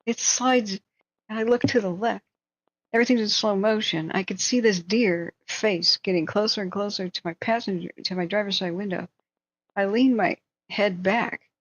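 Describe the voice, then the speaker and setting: A woman hosting a live stream, chatting casually and thinking aloud as she tells a story. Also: medium pitch. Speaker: livestream host. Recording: dull, dry lo-fi sound.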